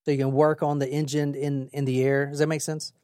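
A woman's voice: sits low, little pitch movement, fairly quick, mellow, no room sound, studio quality. A woman hosting a podcast, telling a true crime story in a casual, blunt way, with swearing. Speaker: podcast host.

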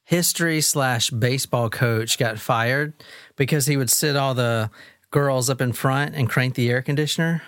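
A man's voice: medium pitch, moderate pace, a bit bright, dry recording. Male podcast host, crude rambling joker, dry close mic. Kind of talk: casual banter.

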